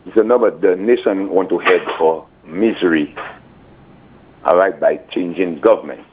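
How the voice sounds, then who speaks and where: A man's voice: sits low, normal speed, darkish tone, slight background noise. A man calling a radio show to make an earnest statement to the nation. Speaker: caller. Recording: muffled phone line.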